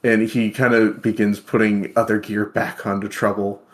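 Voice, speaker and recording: A man narrating his character's actions in a tabletop game, in a measured, quiet way. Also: lowish voice, level tone.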